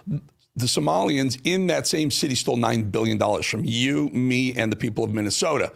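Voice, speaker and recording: A man's voice: medium pitch, expressive, fast talker, creaky. A man hosting a news talk show, delivering combative, sarcastic commentary on played clips.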